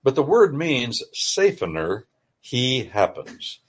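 A man's voice: medium pitch, sing-song, takes it slowly, slightly rough. A male radio host reading and explaining scripture in a folksy, emphatic, preacher-like way. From United States.

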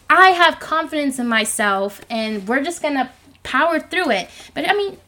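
A young woman in her twenties whose high, girlish voice sits a little above most women's. She rambles in a self-conscious, chatty way, full of fillers, as she records a solo podcast alone in her bedroom. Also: lively intonation, normal speed, sharp tone. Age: 20s. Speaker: podcast host. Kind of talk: solo podcast monologue, casual chat. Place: home bedroom. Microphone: microphone.

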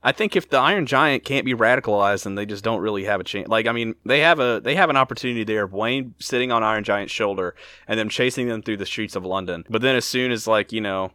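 A low-pitched man riffing fast on a podcast, tumbling through half-finished jokes and breaking into laughs. The sound is dry and close, with no room behind him. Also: pushed and bright, smooth, no room sound. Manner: rambling, quick, laughs often. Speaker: podcast co-host. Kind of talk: casual comedic chat.

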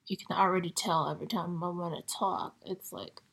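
A sick young woman hosting her podcast, hoarse and tired, often slipping into a whisper as she talks with halting, frustrated swearing. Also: fairly low pitch, fairly even intonation, fairly bright tone. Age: young adult. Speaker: podcast host. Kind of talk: casual solo podcast chat.

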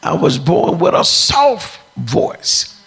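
A deep-voiced woman preacher telling a testimony, acting out the dialogue as she tells it. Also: very animated, takes it slowly, vocal fry, husky. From United States. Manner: storytelling, acts out dialogue.

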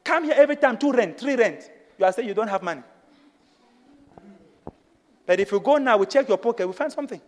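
A man preaching a passionate sermon as pastor, dropping low and quiet, then climbing to shouts. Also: animated, a little fast, pauses often, in a large hall. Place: church.

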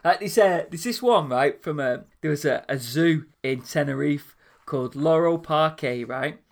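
A man telling anecdotes in a casual chat, animated and acting out the voices of people in his stories. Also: on the high side, normal speed, gravelly.

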